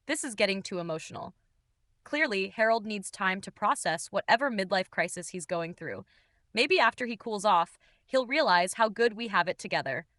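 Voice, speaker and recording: A woman's voice: medium pitch, sharp tone, no echo, clean studio sound. Cool, dismissive woman narrator. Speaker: storyteller. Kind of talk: first-person story narration.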